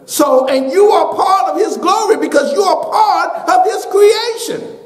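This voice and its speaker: A man preaching a sermon as pastor, building to shouted peaks and dropping to a hushed voice for a story. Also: extremely high pitch, a little slow, reverberant. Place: church sanctuary.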